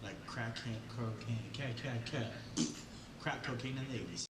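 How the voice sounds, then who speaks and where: A man's voice: medium pitch, unhurried. A man co-hosting a casual podcast, joking along and agreeing with his partner. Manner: agreeable, jokey, echoing his co-host. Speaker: podcast co-host. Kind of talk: crude casual chat. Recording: echoey room with loud background noise.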